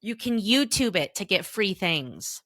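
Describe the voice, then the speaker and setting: A woman's voice: medium pitch, big pitch swings, measured pace, no echo, clean studio sound. A woman in her thirties hosting a solo podcast, talking earnestly and directly to her listeners with casual advice. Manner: warm, earnest, emphatic, addresses listeners directly. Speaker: podcast host and therapist.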